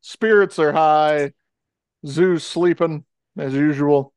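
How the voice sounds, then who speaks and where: Man, 30s, smooth clear voice, slightly high, dry close sound, laid-back joker. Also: steady tone, takes it slowly, dry recording. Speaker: podcast guest, storyteller. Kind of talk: casual storytelling chat.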